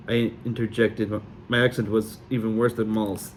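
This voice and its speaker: A man narrating a novel aloud in a steady reading voice with occasional small slips. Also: on the low side, moderate pace, few pauses, a little hiss or hum. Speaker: audiobook reader. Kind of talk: amateur audiobook narration.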